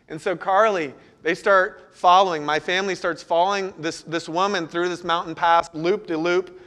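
High-voiced man preaching a sermon. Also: fairly even intonation, moderate pace, hardly any pauses, pushed and bright. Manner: conversational, asks the congregation questions. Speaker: pastor. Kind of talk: sermon with personal story.

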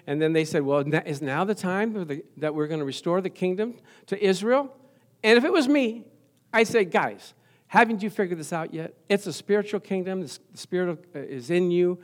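Brief: middle-aged man, pastor mid-sermon, a touch high-voiced, playful, talks straight to the pews. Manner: lively, joking, calls out to the congregation.

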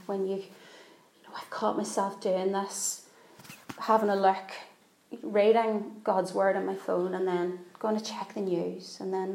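A woman's voice: medium pitch, gravelly, a little mellow, echoey room, low-quality recording. A woman preaching a sermon, telling a story earnestly and repeating phrases for emphasis.

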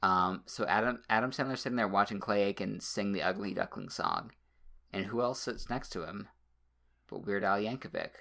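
A man's voice: on the low side, sing-song, normal speed, vocal fry, sharp tone. A man co-hosting a podcast, recapping a movie in casual, rambling chat with restarts and the odd swear word. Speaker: podcast co-host.

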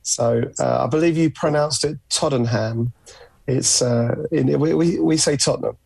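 A man's voice: a little high, normal speed, gravelly, a little mellow, breathy edge, no echo. A man with a North London accent, a podcast guest telling stories in a chatty, easygoing way. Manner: chatty storyteller, many uh fillers. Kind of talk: casual podcast chat.

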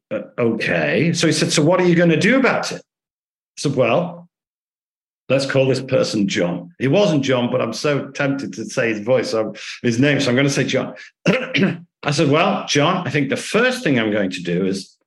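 A man in an echoey room tells stories to his interviewer and slips into the voices of the people he is quoting. His pitch swings widely as he talks, and he sounds bouncy and expressive. His pitch sits in the middle of the range. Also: unhurried. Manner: lively anecdotes, acting out quoted dialogue. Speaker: author and guest. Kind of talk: conversational storytelling interview.

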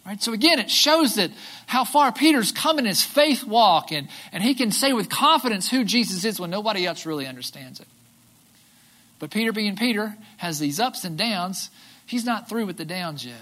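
Bright-voiced casual preacher. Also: mid-range voice, moderate pace. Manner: casual, animated retelling with acted-out quotes and filler "right?". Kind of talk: sermon.

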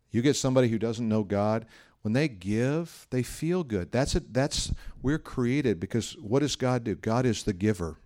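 Preaching in an easygoing, chatty manner, a middle-aged pastor with a somewhat low voice tells stories and takes on the voices of the people he quotes.

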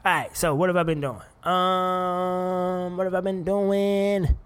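A young man hosting a casual commentary show, animated and profane, laughing often. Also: high voice, takes it slowly, clean tone. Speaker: podcast host.

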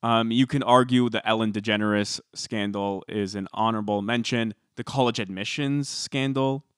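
A man co-hosting a podcast, chatting casually and telling stories with animated emphasis. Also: fairly low pitch, moderate pace, smooth, dry recording, studio quality. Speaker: podcast co-host.

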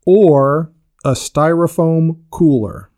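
A man's voice: fairly high pitch, slow pace. A man co-hosting a casual podcast, joking playfully and reading out would-you-rather questions in a studio. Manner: playful, jokey, animated. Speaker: podcast co-host. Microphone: studio microphone.

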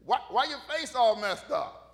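Preacher guy doing god as a tease, needling and playful, high and bouncy. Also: lively intonation, normal speed, vocal fry, exaggerated voice. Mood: teasing. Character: teasing God mocking a sulking man.

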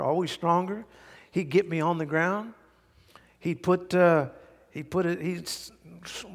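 A middle-aged male pastor preaching a sermon, telling stories with big swings from hushed to loud. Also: fairly high pitch. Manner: animated storytelling, swings from quiet to loud. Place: large church hall. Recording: hall reverb.

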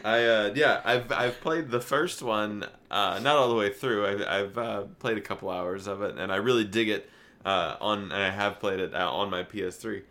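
A man co-hosting a podcast, talking casually with hesitant fillers and quick reactions. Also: lowish voice, sharp tone. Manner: hesitant, many fillers and restarts, easy reactions. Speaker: podcast co-host. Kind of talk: casual chat.

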